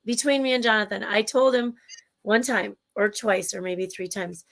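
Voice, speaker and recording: A woman's voice: mid-range voice, moderate pace, vocal fry, a bit bright. A woman with a Minnesotan accent, co-hosting a livestream show, chatting enthusiastically and rambling with restarts over a video call. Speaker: show co-host. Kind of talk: casual livestream chat.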